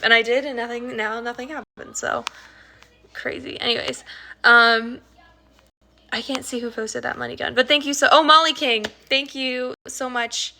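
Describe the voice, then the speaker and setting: A woman's voice: on the high side, fairly even intonation, moderate pace, creaky, pushed and bright. A woman musician chatting casually on a livestream, rambling through a story, swearing freely and laughing as she reads viewer comments.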